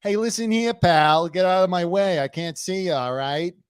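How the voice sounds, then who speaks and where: A man's voice: sits high, animated, moderate pace, smooth, dry recording, studio quality, pitched above the performer's own voice. Man doing a brash Long Island tough guy. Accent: exaggerated Long Island. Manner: brash, impatient.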